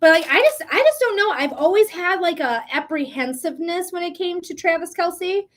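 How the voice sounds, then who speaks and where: A woman's voice: very high-pitched, normal speed, fairly bright tone. A woman hosting a live psychic reading stream, chatting casually in a blunt, profane way with frequent laughs. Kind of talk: casual livestream chat.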